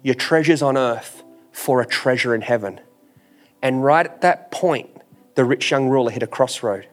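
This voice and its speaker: Soft background music plays as this man, a pastor, delivers his sermon at a moderate pace in a mid-range voice. He's informal, slipping into "ain't," with an emphatic, repetitive cadence, casual phrasing, and plenty of rhetorical questions.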